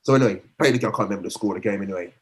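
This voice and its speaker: A man's voice: on the low side, very fast. A middle-aged man, a former footballer telling rambling anecdotes in a podcast interview, often restarting and acting out quotes.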